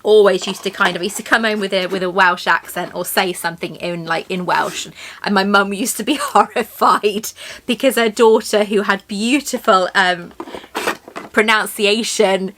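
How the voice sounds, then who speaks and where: A woman's voice: mid-range voice, normal speed, a bit bright, a little hiss or hum. An English woman chatting casually as she unboxes a tea set, rambling and gasping with delight. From England.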